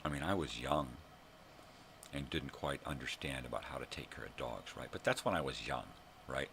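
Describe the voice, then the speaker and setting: Older male vlogger, very deep gravelly voice, profane exasperated rant. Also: moderate pace, fairly bright tone, slight background noise. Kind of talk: casual ranting monologue.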